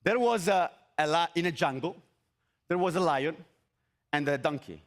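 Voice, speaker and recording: A man giving an energetic motivational talk on an event stage. He repeats his phrases and asks the audience rhetorical questions. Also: a little high, moderate pace. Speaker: motivational speaker.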